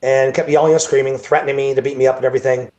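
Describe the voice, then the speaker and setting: A man's voice: mid-range voice, little pitch movement, racing, a little mellow. Rambling man telling a story on a call. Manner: rambling, repeats words and restarts. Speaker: bodybuilding show promoter. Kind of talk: casual storytelling interview.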